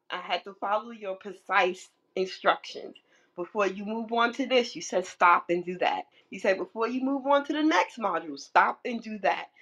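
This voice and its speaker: A woman coach giving an emotional, excitable testimonial to a live audio room, her voice swinging high when she gets fired up. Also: dull audio. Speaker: guest speaker, coach.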